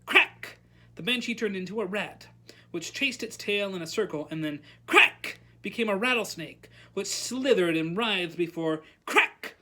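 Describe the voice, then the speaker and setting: A librarian reading a novel aloud at storytime, animated and calling out the characters' lines. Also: medium pitch, moderate pace.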